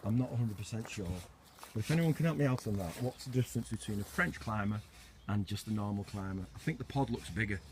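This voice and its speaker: A man's voice: on the low side, fast, a little hiss or hum. Chatty man on an allotment. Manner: chatty, self-mocking, laughs often. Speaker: allotment gardener vlogger. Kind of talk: casual walking tour. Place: outdoor allotment garden.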